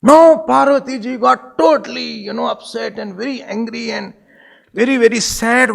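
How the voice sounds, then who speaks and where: A man, a swami telling a devotional story in an animated way, dropping in Hindi phrases. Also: very high voice, normal speed, gravelly. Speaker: swami, spiritual teacher.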